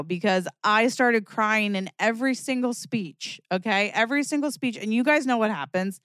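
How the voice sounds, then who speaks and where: A young adult woman hosting her own podcast, talking candidly and expressively in a casual solo monologue, from lively bursts to quiet reflection. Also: medium pitch, clean tone, dry recording, studio quality. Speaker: podcast host.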